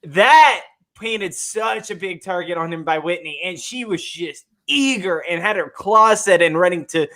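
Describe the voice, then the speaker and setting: A man's voice: sits high, measured pace, bright, forceful tone. A man co-hosting a podcast, chatting in a friendly, rambling way with frequent restarts. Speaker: podcast co-host. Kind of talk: casual recap chat.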